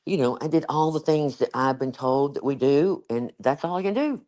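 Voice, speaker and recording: A man's voice: on the high side, expressive, normal speed, darkish tone. Rambling man chatting casually. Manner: rambling, many fillers, laughs often. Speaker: guest. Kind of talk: casual chat.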